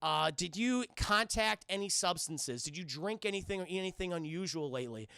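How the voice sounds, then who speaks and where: A man doing a gruff caped detective. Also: high voice, lively intonation, a little fast, sharp tone, dry recording, studio quality, heavily acted. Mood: probing. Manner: blunt, commanding, questioning.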